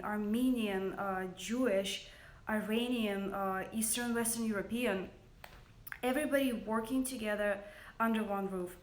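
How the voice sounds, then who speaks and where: A woman in her thirties with a Russian accent, a business founder speaking earnestly and hesitantly in a personal livestream, with many fillers. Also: mid-range voice. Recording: roomy echo.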